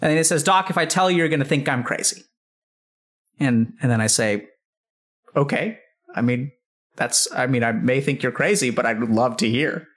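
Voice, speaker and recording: A psychiatrist in his thirties, appearing as a podcast guest, tells a long, rambling story in casual conversation, saying "like" a lot and swearing freely. His medium-pitched voice is fairly bright, moving at a moderate pace with frequent pauses.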